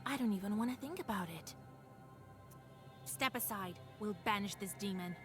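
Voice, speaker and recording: An actress playing a resolute young woman demon hunter in a video game, speaking calmly and firmly. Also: medium pitch, normal speed, music in the background, lightly acted. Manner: calm, firm. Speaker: game character.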